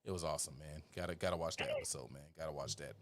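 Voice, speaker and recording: A man's voice: a bass voice, fairly even intonation, very fast, very noisy. A man hosting a podcast, chatting casually in a playful, joking, agreeable way. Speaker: podcast host. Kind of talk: casual chat.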